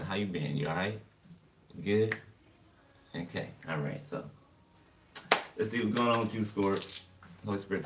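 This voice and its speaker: A man with a lowish voice chats through a casual tarot reading, greeting his viewers again and again. He sits back from the mic, and clear background noise runs under his talk. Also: recorded from a distance. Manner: chatty, laughs often, greets viewers repeatedly. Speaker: tarot reader.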